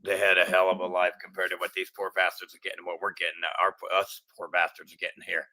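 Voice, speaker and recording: A man's voice: low voice, completely flat delivery, fast talker, pushed and bright. A middle-aged man hosting his own channel, ranting angrily in a profane, agitated monologue full of stumbling restarts. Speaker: channel host.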